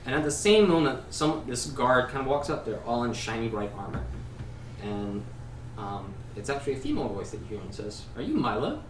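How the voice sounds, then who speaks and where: A man narrating a tabletop game as game master in a relaxed, chatty way. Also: mid-range voice, a little fast. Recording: echoey distant livestream mic with noise.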